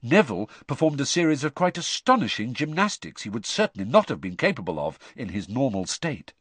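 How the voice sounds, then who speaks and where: A man narrating an audiobook in an expressive storytelling manner. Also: mid-range voice, a little fast, husky, no room sound. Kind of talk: scripted narration.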